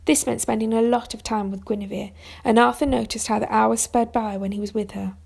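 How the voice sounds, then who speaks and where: Gravelly-voiced woman reading a storybook. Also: a little high, brisk. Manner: steady reading with small restarts. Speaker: narrator.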